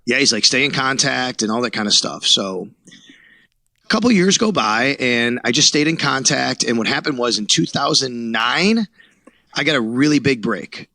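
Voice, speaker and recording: A man's voice: mid-range voice, lively intonation, moderate pace, pushed and bright, no echo. A man from Buffalo, New York, a sports reporter who is a podcast guest, telling his story animatedly and acting out quoted dialogue. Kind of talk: casual storytelling interview.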